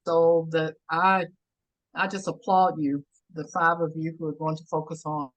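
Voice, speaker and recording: A woman's voice: low-pitched, level tone, normal speed, muffled recording. A woman communication trainer on a webinar, speaking in an emphatic, encouraging teaching manner over a video call. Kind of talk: webinar discussion.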